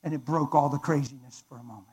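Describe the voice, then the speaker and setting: Male preacher giving a testimony, dramatic, shifts from loud to hushed. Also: medium pitch, fast talker, breathy edge, poor audio. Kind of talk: emotional testimony sermon.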